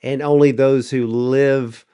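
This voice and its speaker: Smooth-voiced chatty American host. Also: male voice, mid-range voice, level tone, slow pace, dark tone. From United States. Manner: chatty, clears throat often. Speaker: interview host. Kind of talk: conversational interview.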